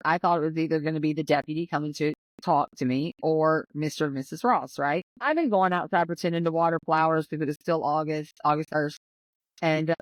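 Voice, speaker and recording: A woman's voice: sits low, no echo, poor audio. Emotional woman, dry close sound. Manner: emotional, tells her story with quoted voices. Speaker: guest. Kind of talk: personal storytelling.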